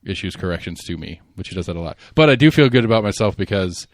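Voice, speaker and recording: A man hosts a casual podcast chat. He rambles and restarts, animated, with plenty of fillers. The sound is dry and close. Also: low voice, fast talker, dry recording. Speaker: podcast host.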